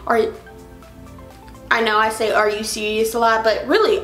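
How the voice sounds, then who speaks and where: Sassy young woman vlogging a story, kinda high voice, roomy echo w faint music under it. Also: normal speed, pauses often. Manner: animated, exasperated, sassy. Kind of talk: casual storytime.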